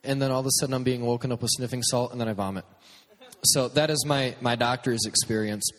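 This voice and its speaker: A man's voice: medium pitch, steady tone, fast talker. A man delivers a podcast sermon as a string of funny stories at his own expense, acting out every quote along the way. His voice sits in an ordinary middle range. It carries a long reverb, as if it were ringing through a large hall. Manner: humorous, self-deprecating, acts out quotes. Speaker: youth speaker and podcast host. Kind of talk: storytelling sermon.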